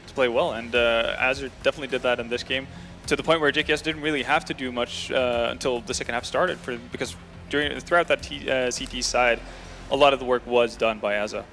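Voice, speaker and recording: A man's voice: medium pitch, gravelly, pushed and bright. A man giving analytical breakdowns of team play as an esports analyst on a studio desk. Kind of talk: fast studio analysis chat.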